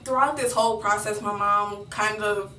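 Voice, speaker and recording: A woman's voice: mid-range voice, fairly even intonation, moderate pace, pushed and bright, echoey room, distant mic, a little hiss or hum, rough recording. A young woman vlogger telling a personal story in a rambling way, with many fillers and restarts.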